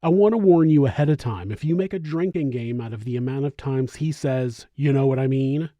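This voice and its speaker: A man hosting a true crime show in scripted narration, with wry, expressive commentary. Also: mid-range voice, a little fast, no echo, muffled recording. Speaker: true crime channel host.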